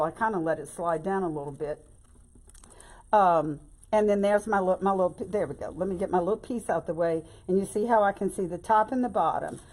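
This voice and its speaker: A woman's voice: mid-range voice, a little mellow. A woman giving a chatty, folksy live-stream tutorial on making bows, often calling viewers "y'all" and "babe". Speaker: bow-making instructor.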